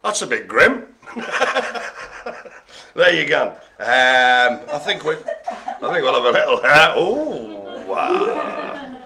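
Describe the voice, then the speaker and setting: A man's voice: mid-range voice, big pitch swings, slow, vocal fry, background noise. A man hosting a live bingo game, calling out numbers and rambling through jokey asides. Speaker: bingo host.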